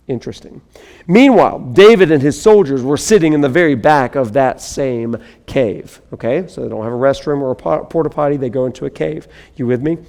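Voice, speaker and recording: A man's voice: medium pitch, a little fast, a little mellow, long reverb tail. A man preaching a sermon, reading scripture dramatically and breaking into casual asides to the congregation. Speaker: pastor.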